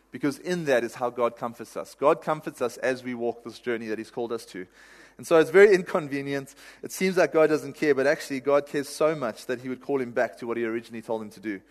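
A man's voice: mid-range voice, a little fast. A male pastor giving a sermon in a conversational, self-deprecating way, laughing at himself now and then. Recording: reverberant hall.

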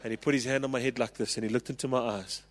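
A South African man in his forties preaching a sermon, telling a personal story with passion and rising to loud calls. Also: mid-range voice, steady tone, rapid-fire, big-room sound, a little hiss or hum. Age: 40s. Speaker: pastor.

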